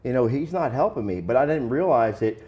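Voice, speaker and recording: A man's voice: medium pitch, animated, brisk, muffled recording. A man speaking as an interview guest, candid and plain-spoken, telling his own story in a casual, conversational way with some slang.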